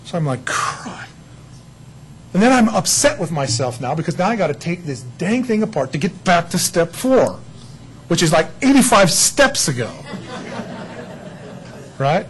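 Male pastor, casual storytelling sermon, slightly high voice, faint noise behind. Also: normal speed, pauses often, poor audio. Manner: chatty and animated, telling a story with jokes.

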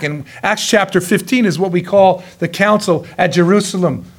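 A male pastor preaching a sermon in a folksy, joking way, telling stories lively and chuckling often. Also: sits high, fast talker, hardly any pauses. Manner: lively storytelling.

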